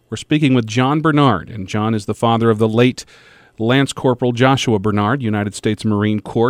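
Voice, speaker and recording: A man hosting a radio talk show, introducing his guest and reading a statement in a measured, deliberate way with pauses. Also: mid-range voice, no echo, clean studio sound. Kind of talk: scripted radio hosting and interviewing. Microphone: studio microphone.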